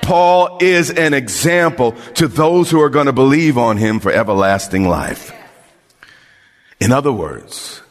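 A man preaching a sermon with passion, moving from low, quiet lines to raised, shouted appeals. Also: lively intonation, unhurried, in a large hall. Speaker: pastor.

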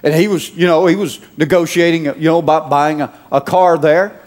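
A man preaching a sermon to a congregation, asking them questions and calling out louder as he builds. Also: fairly high pitch, steady tone, normal speed. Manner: preachy, calls out to the congregation with rising shouts. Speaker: pastor.

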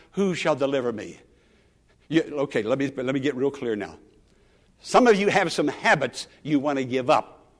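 A man pastor preaching a sermon, calling out with rising emotion and dropping to soft, quiet asides. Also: a little high.

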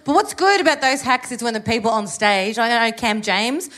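A woman's voice: on the high side, normal speed, fairly bright tone. A woman guest on a live podcast, chatting casually and telling stories with a lot of swearing. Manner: chatty storyteller, swears freely. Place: live stage before an audience.

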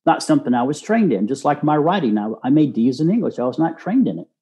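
A man's voice: on the high side, very animated, quick pace, dark tone. A man in his sixties from Texas, telling a personal story as a guest in an earnest, folksy way. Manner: earnest, folksy, acts out quoted voices. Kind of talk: casual storytelling.

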